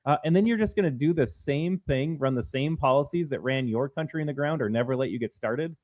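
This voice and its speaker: A man co-hosts a political talk stream, bantering bluntly and opinionatedly and ranting at length to his audience. His voice is on the high side with a darkish tone, and he talks a little fast.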